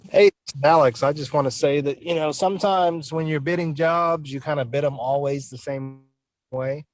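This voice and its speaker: A man on a program panel giving plain-spoken, relaxed advice about bidding jobs. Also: on the high side, moderate pace, low-quality recording. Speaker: estimator coach. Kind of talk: online panel discussion.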